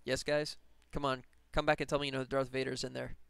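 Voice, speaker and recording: A man's voice: mid-range voice, level tone, fast talker, vocal fry, a bit bright, clear, resonant tone, no echo. A man chatting casually on a live stream while working on a game, rambling and laughing as he talks. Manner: rambling, enthusiastic, laughs often.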